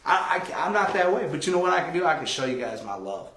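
A man leads a Bible study in a casual, conversational sermon, acting out the people in his stories as he goes. His voice sits somewhat high for a man. The room is echoey, with sound bouncing back off its walls. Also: fast. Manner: conversational, animated storytelling with quoted voices. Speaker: pastor.

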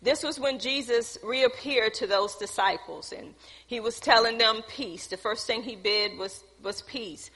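A woman's voice: fairly high pitch, measured pace, a bit bright, breathy edge. A woman preacher delivering a sermon, putting questions to the congregation and dropping casual asides. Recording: long hall reverb.

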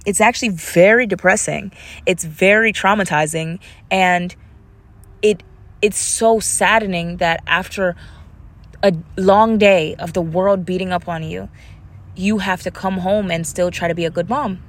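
A woman's voice: lowish voice, steady tone, measured pace. A woman hosting a solo podcast with an African American English accent, talking casually and animatedly, slipping into playful voices when quoting others. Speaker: podcast host.

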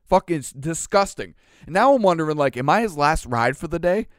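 A man's voice: on the high side, animated, fairly quick, no room sound, studio quality. A male podcast host telling a profane, ranting story in casual chat.

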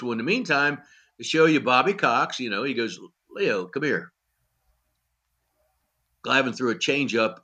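In a podcast interview, a former pitching coach, now an older man, shares salty, blunt stories in a medium-pitched voice. He animates each exchange by acting it out, with "you know" filling the gaps again and again.

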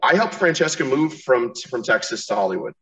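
A man's voice: medium pitch, lively intonation, a little fast, fairly bright tone, far from the mic, low-quality recording. A man hosting a podcast interview, rambling casually with frequent restarts and profanity. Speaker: podcast host.

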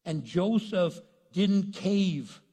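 A man preaching a sermon, retelling a story in a lively, conversational way and acting out the characters. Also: sits high, very slow, slightly rough. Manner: animated storytelling, acts out characters. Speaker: pastor. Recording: long reverb in a large hall.

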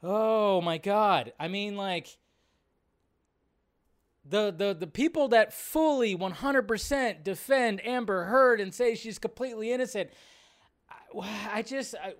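A man hosting a live show in casual commentary, rambling between low mumbles and loud excited outbursts. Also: measured pace. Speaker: show host.

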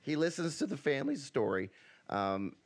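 A man's voice: medium pitch, sing-song, normal speed. A man hosting a casual podcast, reading a story aloud to his friends. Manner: reads a story aloud, breaks into laughter.

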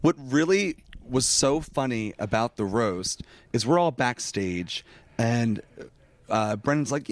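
Animated man telling drag stories. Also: mid-range voice, unhurried, dry recording. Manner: animated storytelling with laughs and restarts. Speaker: podcast guest, drag performer. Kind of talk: casual chat.

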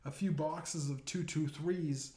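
A man voicing a grizzled, older male conspiracy official with a scar, who briefs a meeting in a slow, deliberate way. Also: fairly high pitch, steady tone, mellow. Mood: briefing. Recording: roomy echo.

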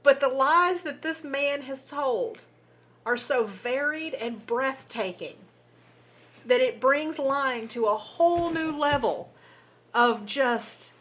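A woman co-hosting a casual podcast, telling a story in an animated, exasperated way and swearing now and then. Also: sits high, slow. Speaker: podcast co-host. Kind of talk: casual chat.

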